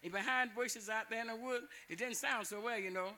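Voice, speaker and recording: An older man tells a folk tale in a loose, repetitive style with frequent chuckles. His voice sits high. Its tone is bright and forward. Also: fairly quick. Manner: chuckling, dialect-rich, repetitive. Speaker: storyteller.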